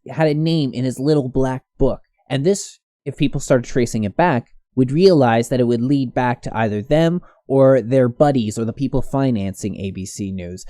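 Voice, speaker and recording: A man's voice: mid-range voice, mellow, dry recording, studio quality. A man giving casual commentary on a news story, rambling with many restarts. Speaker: commentary host.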